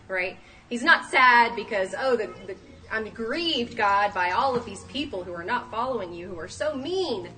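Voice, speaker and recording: A woman in her thirties giving a sermon, lively and acting out the voices she quotes. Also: fairly high pitch, moderate pace. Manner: animated, acts out quoted voices. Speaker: speaker at a church talk. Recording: distant mic, faint room noise.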